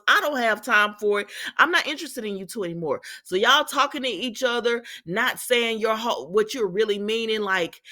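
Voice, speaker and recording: A woman chatting casually as she recaps a soap opera, animated and opinionated, with sassy asides and remarks aimed at the characters. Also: mid-range voice. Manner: drawn-out exclamations and sassy asides.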